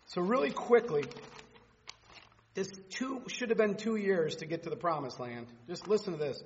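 A man in his fifties with a notably high voice gives an informal sermon, drifting between personal stories and scripture read in a raised, declaiming tone. He stumbles over repeated words and restarts his sentences. The sound is muffled and carries a long hall reverb. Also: moderate pace. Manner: rambling, repeats words and restarts mid-phrase. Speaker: Bible study teacher.

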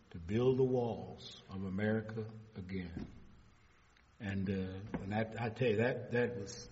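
An older man preaching a sermon. He retells conversations as stories and rises into loud, high-pitched bursts. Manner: retells exchanges in a storytelling voice. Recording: dull audio with long hall reverb.

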